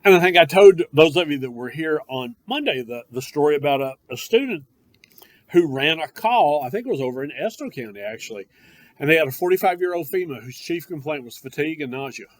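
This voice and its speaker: A man's voice: fairly high pitch, lively intonation, fairly quick, no echo. Emphatic man lecturing paramedic students. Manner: emphatic, conversational, addresses students directly. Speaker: paramedic course instructor. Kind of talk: classroom lecture.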